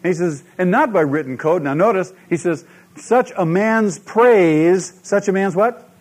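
A man preaching a sermon as pastor, animated and asking the congregation questions. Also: high voice, a little slow.

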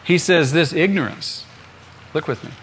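A man's voice: fairly high pitch, moderate pace, fairly bright tone, slight background noise. A man, a pastor, preaching a sermon emphatically, repeating phrases and asking the congregation rhetorical questions.

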